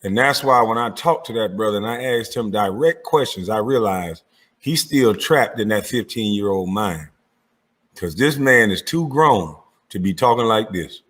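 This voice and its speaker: A man's voice: on the low side, lively intonation, moderate pace, fairly bright tone. A man trash-talking in a casual, blunt and taunting way.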